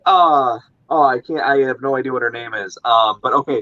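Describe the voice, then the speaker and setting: Bright, excitable man on a live stream. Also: mid-range voice, moderate pace, no echo, muffled recording. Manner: excitable, emphatic, repeats himself. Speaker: film discussion panelist. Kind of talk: casual live-stream chat.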